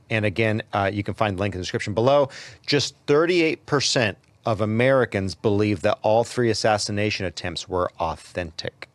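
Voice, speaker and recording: A man's voice: lowish voice, no room sound. A man hosting a podcast, giving opinionated commentary and often stammering into repeated words. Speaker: podcast host.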